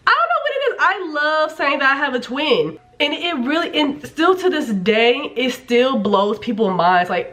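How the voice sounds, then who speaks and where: A young woman talking straight to her camera in a loose, chatty vlog. Her voice sits a little high, and she swears freely and fills her talk with "like.". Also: very animated, normal speed, few pauses, pushed and bright. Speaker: vlogger. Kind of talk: casual storytelling to camera.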